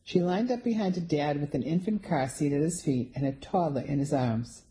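A woman reading a first-person mystery novel aloud in a wry, even storytelling manner. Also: sits low, normal speed, poor audio. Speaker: audiobook narrator. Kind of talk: first-person audiobook narration.

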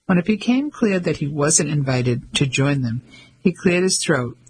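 A man narrating a novel as an audiobook in a steady, measured way. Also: on the high side, breathy edge, rough recording.

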